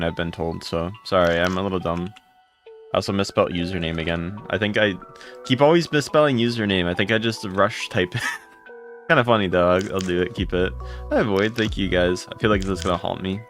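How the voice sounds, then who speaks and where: Young guy streaming, kinda low voice, reads out chat names and thanks donors, music in the back. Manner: greets chat and thanks donors, voice jumps high when excited. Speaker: livestreamer. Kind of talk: casual live stream chat. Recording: music playing behind.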